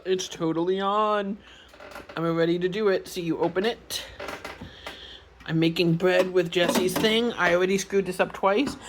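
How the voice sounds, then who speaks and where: An excitable vlogger chats on camera in a home kitchen, mid-pitched and filling the gaps with "like" and "um". There is a faint hiss of room noise under the voice. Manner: chatty and excitable, with many fillers like "like" and "um". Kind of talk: casual chat and on-camera food tasting.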